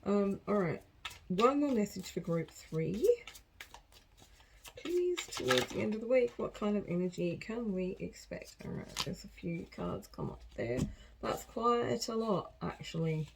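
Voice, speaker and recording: A woman's voice: mid-range voice, big pitch swings, measured pace, creaky, slight background noise, rough recording. A woman giving a casual collective tarot reading, chatty and rambling, often laughing at herself. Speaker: tarot card reader.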